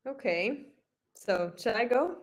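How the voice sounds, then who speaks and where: A woman's voice: a little high, expressive, takes it slowly. A woman co-hosting a casual review podcast, giving short agreeing replies and laughing often. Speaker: podcast co-host.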